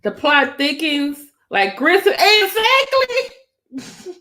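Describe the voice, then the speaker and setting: A woman commentating on a live stream, talking casually and directly to her viewers. Her voice sits high and swings widely, climbing even higher when she gets worked up. She exclaims often and keeps the tone excitable. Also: a little slow. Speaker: YouTube commentator.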